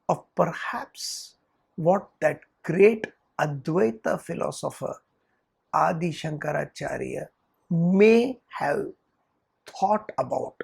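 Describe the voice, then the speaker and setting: Brief: spiritual lecturer, deep fry and heavy rasp throughout, earnest, rhetorical asides. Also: a little mellow. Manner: earnest, checks in with rhetorical "hmm?" tags. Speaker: spiritual teacher. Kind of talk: lecture on scripture.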